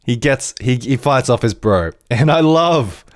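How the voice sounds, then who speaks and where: Animated rambling podcast man. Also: medium pitch, measured pace, no room sound, studio quality. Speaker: podcast host. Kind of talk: casual TV episode review.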